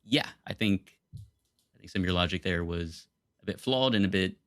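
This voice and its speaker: A man's voice: low voice, moderate pace, no echo, clean studio sound. A young man arguing insistently in a casual comedic film debate. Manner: argumentative, insistent, laughs easily.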